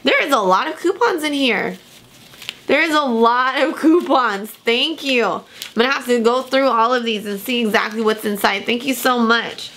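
A woman chats through her fan mail in a casual vlog. Her voice is bright and sits a little high. She sounds effusive and grateful, and she hovers close to tears. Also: normal speed, slight background noise. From Long Beach, California. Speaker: coupon vlogger.

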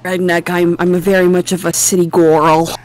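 A woman chatting casually on a game stream call, giggly and quick to protest. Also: fairly low pitch, flat delivery, a loud crowd. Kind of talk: casual chat. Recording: noisy mic in a voice call.

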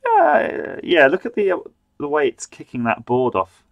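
A man's voice: on the high side, wildly swooping pitch, moderate pace, vocal fry, no echo, dull audio. Chatty man narrating a kit build. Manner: chatty, self-mocking, mutters while working. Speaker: host building an electronics kit on a live stream. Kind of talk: live stream chat.

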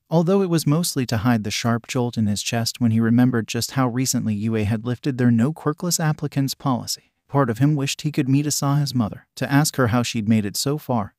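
A man narrates a fan fiction story aloud in an even, plain manner. His voice sits at an ordinary middle pitch. The recording is dry and close, with no room sound. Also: no echo. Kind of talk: fan fiction audiobook reading.

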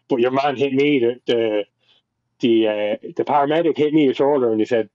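A young Irish man with a mellow, darker voice tells a personal story in a loose, rambling way. He swears often and keeps restarting his sentences. The sound is dry and slightly dull, like a lo-fi podcast mic. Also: mid-range voice, a little fast, dry recording. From Ireland. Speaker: podcast guest. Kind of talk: casual storytelling.

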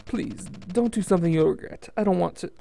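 A man's voice: sits high, brisk, vocal fry, warm tone. Man doing an earnest, formal knight hero. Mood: polite. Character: heroic male knight, earnest and polite.

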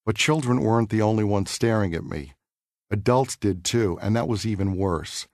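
A man from New York City reading his own memoir aloud for an audiobook, in a measured, earnest and reflective way. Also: lowish voice, a little mellow, dry recording, studio quality.

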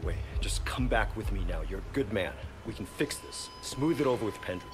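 A man's voice: lowish voice, lively intonation, brisk, over music, natural voice. An actor playing an earnest male police handler who urgently pleads with an undercover officer. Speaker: game character.

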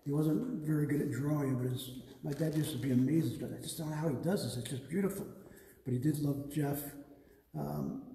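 A man guiding a live museum tour, telling lively stories about his father's art. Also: mid-range voice, gravelly, roomy sound, big-room sound, a little hiss or hum, poor audio. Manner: animated anecdotes, acts out his father's lines. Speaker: museum guide, artist's son. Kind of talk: casual storytelling on a live tour. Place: art museum gallery, indoors.

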